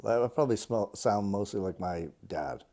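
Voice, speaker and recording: A fifty-year-old man with a Boston accent, reading a passage and answering interview questions with many ums and pauses. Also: lowish voice, mellow. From Cape Cod, Massachusetts. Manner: hesitant, many ums and uhs.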